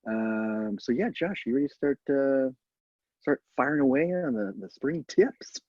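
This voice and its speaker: A man's voice: mid-range voice, animated, a little slow, a little mellow, no room sound, muffled recording. Chatty man hosting a live stream. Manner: chatty, laughs often, many fillers. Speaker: host. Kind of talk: casual live-stream chat. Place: home.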